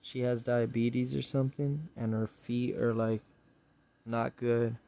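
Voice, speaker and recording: A man's voice: mid-range voice, flat delivery, unhurried, gravelly, mellow. A man hosting a solo podcast, casually retelling and reviewing a show episode in a rambling, profane way. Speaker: podcast host.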